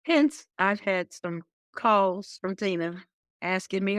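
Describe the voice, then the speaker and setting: A woman's voice: mid-range voice, expressive, a bit bright, no room sound. A woman hosting a podcast who chats casually in a playful, teasing way. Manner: playful, teasing, quick to laugh. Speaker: podcast host. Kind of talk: casual chat.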